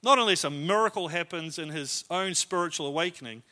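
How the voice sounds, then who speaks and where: Bright-voiced pastor telling a story. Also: male voice, a little high, fairly quick. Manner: storytelling, conversational and self-deprecating. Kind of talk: sermon. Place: church.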